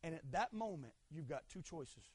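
A middle-aged man preaching a fervent sermon, swinging between shouted lines and quiet asides. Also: fairly high pitch, animated, moderate pace, breathy edge, no room sound. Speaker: pastor.

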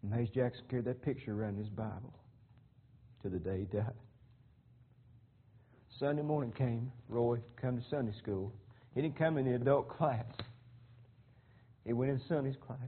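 A man's voice: medium pitch, normal speed, long pauses, breathy edge. A man preaching a sermon through a long story, fervent and folksy, often repeating words as he goes. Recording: tinny phone-like sound.

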